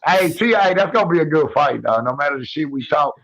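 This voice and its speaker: A man talking casually on a boxing panel, loud and full of slang and trash talk. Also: fairly high pitch, animated, fast. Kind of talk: casual chat. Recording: muffled lo-fi sound.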